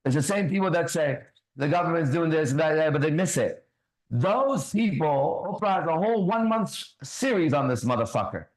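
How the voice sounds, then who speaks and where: Profane, animated preaching man. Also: a little high, brisk, rough recording. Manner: blunt, profane, rhetorical questions. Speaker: minister and show host. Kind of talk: preachy casual talk show.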